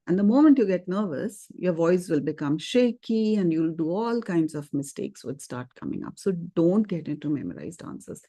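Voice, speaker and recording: Woman, warm tone, conversational exam teacher, dry. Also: on the low side, no room sound. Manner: conversational, lively intonation with frequent fillers and "okay". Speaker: IELTS speaking teacher. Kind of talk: webinar lesson.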